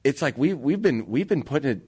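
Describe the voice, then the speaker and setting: A man in his thirties co-hosting a radio talk show, earnest and excitable, with slangy casual chat in a studio. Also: mid-range voice, a little fast, husky. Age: 30s.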